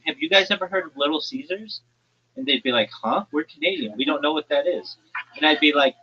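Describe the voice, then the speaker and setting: A man from New Jersey, hosting a livestream and ranting crudely in a loud, brash, profane comedic tone. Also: fairly high pitch, lo-fi sound. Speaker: livestream host.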